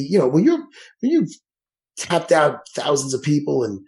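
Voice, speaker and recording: Brief: guy, gravelly voice, slightly high, profane and punchy, podcast guest. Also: moderate pace, low-quality recording. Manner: blunt, profane, animated storytelling. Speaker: jiu-jitsu instructor, guest. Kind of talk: casual podcast chat.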